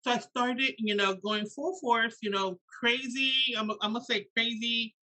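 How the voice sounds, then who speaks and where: Guest voice: animated Puerto Rican woman, middle-aged, bright tone, filler-heavy casual talk. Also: on the high side, moderate pace, poor audio. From Puerto Rico. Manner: animated, lots of "you know" fillers. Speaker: guest author and educator. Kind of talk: casual interview conversation.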